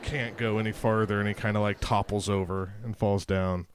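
A man's voice: lowish voice, level tone, normal speed. A man playing a tabletop game who explains his character in a rambling way, full of fillers. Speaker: player. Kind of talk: casual tabletop game chat.

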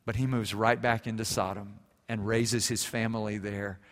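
A man's voice: lowish voice, little pitch movement, normal speed, fairly bright tone. A male pastor preaching a sermon, telling a story and building to fervent emphasis, in an echoey church sanctuary.

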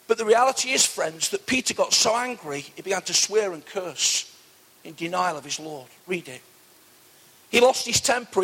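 A man's voice: high voice, fairly bright tone, breathy edge. A man preaching an earnest sermon as pastor, often calling his listeners friends. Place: church hall. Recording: long church reverb.

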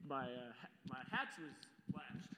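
A man preaching to a congregation, telling a personal story with lively, acted-out shouts and quiet asides. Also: medium pitch, measured pace, long reverb tail, a loud crowd. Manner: animated storyteller, acts out his own panicked shouts. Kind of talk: storytelling sermon.

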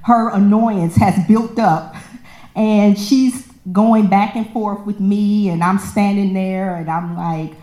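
A woman telling a personal story in a casual, lively way, acting out the voices of the people in it. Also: mid-range voice, slow pace. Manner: animated, acts out quoted voices, laughs often. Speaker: storyteller sharing a personal testimony. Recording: echoey room.

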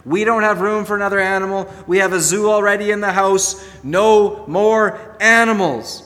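A man's voice: sits high, moderate pace, pushed and bright, in a large hall, pitched above the performer's own voice. A man doing a grumpy, impatient dad. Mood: annoyed. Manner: curt, impatient. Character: grumpy dismissive father driving.

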